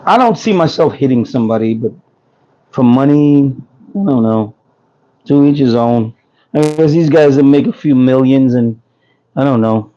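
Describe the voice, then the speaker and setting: Medium in pitch and warm in tone, a man speaks at a moderate pace with frequent pauses, his phone recording missing the highs. He is a New York host of a food truck business livestream, casually reading comments and joking and laughing with viewers as he loses his voice.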